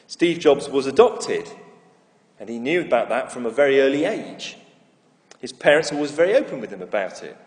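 A man's voice: medium pitch, big pitch swings. Middle-aged guy preaching, voice rising and falling a lot, echoey church hall. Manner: storytelling, emphatic with slow repeated phrases. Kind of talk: sermon.

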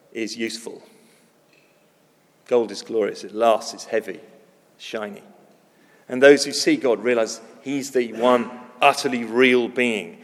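A man preaching a sermon, emphatic, with big swings between loud declarations and hushed lines. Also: medium pitch, big-room sound. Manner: emphatic, dramatic swings in loudness and pace.

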